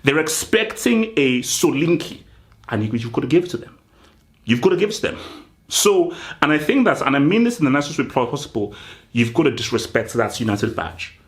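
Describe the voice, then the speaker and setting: Animated man ranting a mock team talk. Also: mid-range voice. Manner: mock team talk, addressing players directly, swinging loud and slow. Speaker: football channel host. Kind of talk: comedic football pep-talk rant.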